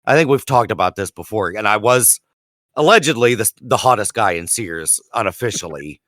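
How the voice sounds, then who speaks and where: Bright-voiced man telling a profane story. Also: expressive, a little fast, no echo, studio quality. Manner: profane, self-mocking, acts out quotes with rising pitch. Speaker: podcast co-host. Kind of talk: casual storytelling.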